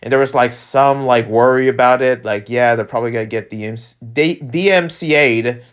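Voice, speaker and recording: A man's voice: medium pitch, fairly quick, clear, resonant tone. A man hosting his own podcast, ranting in casual chat, rambling with lots of filler and emphatic asides. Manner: animated, ranting, rambling with frequent "freaking" and "like". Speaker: podcast host. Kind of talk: casual solo rant.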